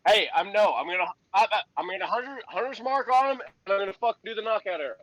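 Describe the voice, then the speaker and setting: A man at a tabletop game, loud and excitable, cursing through almost every line. His voice is high and swings wildly up and down. It comes through a dry, dull voice-chat line. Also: fast, no room sound. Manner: loud, excitable, swears constantly. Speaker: player. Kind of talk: rowdy tabletop game banter. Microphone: online voice chat.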